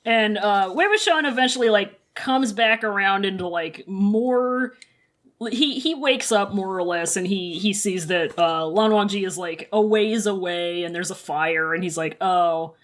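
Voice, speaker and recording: A woman co-hosting a podcast in casual chat, who giggles and rambles with halting restarts. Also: medium pitch. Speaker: podcast co-host.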